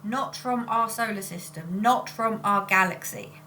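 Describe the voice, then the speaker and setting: A woman talks casually to her viewers, drifting off topic and catching herself mid-sentence. Her voice sits at a middling pitch for a woman, and a faint hum runs underneath the recording. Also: measured pace, pushed and bright. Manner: rambling and self-interrupting. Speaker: spiritual channeler and vlogger. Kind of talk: casual chat.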